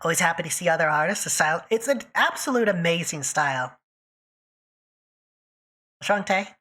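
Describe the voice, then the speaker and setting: A woman's voice: fairly low pitch, lively intonation, normal speed, a bit bright. A woman streaming live, chatting casually and teasing her viewers by name while she draws.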